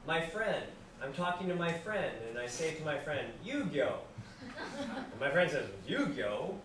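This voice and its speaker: Animated male lecturer in an echoey classroom. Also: fairly high pitch, moderate pace. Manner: animated, acts out examples and asks the class questions; speaks simply and repeats phrases for language learners. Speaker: university lecturer. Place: classroom with students. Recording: distant, very echoey classroom with noise.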